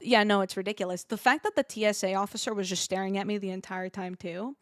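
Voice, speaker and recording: A young woman streamer telling a rambling, animated story in a casual way, full of fillers and asides. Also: mid-range voice, fast talker, no room sound, studio quality.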